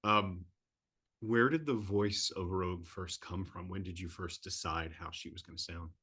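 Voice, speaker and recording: A man's voice: deep voice, steady tone, moderate pace, sharp tone, slightly rough. A man interviewing an actress and asking attentive questions. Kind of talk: interview conversation.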